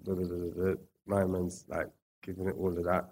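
A man with a fairly low voice talks through his story in a relaxed, slangy way. He turns reflective when drawing lessons from it, then livens up when he acts out scenes. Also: brisk. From England. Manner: slangy, reflective, animated when retelling stories. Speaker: guest. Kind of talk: casual storytelling interview.

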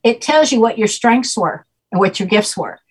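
A woman guest explaining spiritual ideas in a measured conversational way. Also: fairly high pitch, expressive, breathy edge, rough recording. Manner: measured, explanatory, with occasional fillers.

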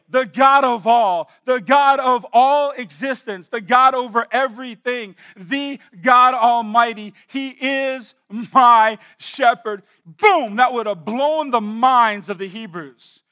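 A man preaching a sermon from a church stage, moving between hushed, slow emphasis and loud declarations, repeating key words deliberately. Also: high voice. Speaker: pastor.

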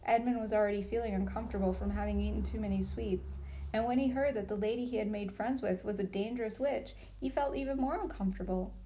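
A woman narrating a storybook aloud in a calm, measured way. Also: mid-range voice, slight background noise, low-quality recording.

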